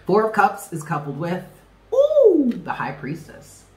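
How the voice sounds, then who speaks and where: A man's voice: fairly high pitch, expressive, moderate pace, a bit bright. Chatty tarot-reading man in an echoey room. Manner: emphatic, chatty, repeats himself, slangy. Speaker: tarot reader. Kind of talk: casual tarot reading to camera.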